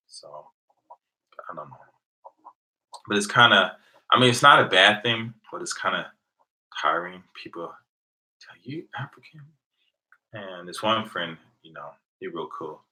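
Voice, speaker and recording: This American man in his thirties hosts a livestream from home late at night, laughing often as he tells rambling stories to his viewers. His low voice sounds animated, pushed and bright, moving a little slowly with long pauses.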